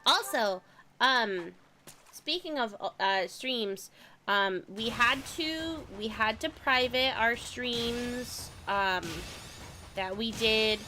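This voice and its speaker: Sharp-toned and fairly high, this young woman from California stretches out her words while chatting on a gaming stream, with soft music behind her. Still slightly congested from a recent cold, she's giggly and prone to rambling.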